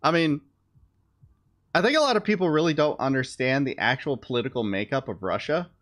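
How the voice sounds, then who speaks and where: A man's voice: medium pitch, lively intonation, a little fast, fairly bright tone. A man who streams live, giving casual political commentary in a blunt, sarcastic way and swearing offhandedly.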